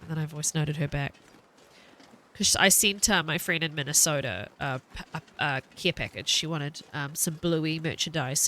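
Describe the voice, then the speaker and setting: A woman's voice: sits low, pushed and bright. A woman in her thirties with a New Zealand accent, chatting casually and laughing while streaming a game. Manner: chatty, rambling, laughs often.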